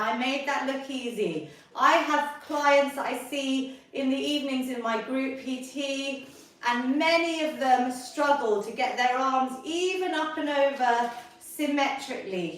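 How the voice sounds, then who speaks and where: A high-voiced, middle-aged woman coaching a gentle workout class, cheerful and encouraging as she counts down each set. She talks at an unhurried pace. Her voice rings from across a very echoey room, well away from the mic. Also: distant mic. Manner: upbeat and encouraging, counting down reps. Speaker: fitness instructor. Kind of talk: leading a live online seniors' workout class.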